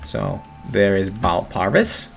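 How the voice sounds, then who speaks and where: A man giving monotone, hesitant game walkthrough commentary with many fillers. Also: fairly low pitch, takes it slowly, creaky, soft background music.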